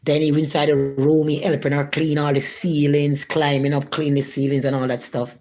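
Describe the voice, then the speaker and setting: A woman recounts events in a casual vlog, her everyday voice sitting low. She slips into higher, animated voices whenever she quotes someone. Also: normal speed.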